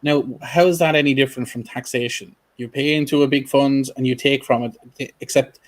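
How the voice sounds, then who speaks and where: A man's voice: mid-range voice, fairly even intonation, fairly quick. A man hosting a casual interview, rambling through questions with plenty of fillers. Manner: rambling, full of restarts and fillers. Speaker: podcast host.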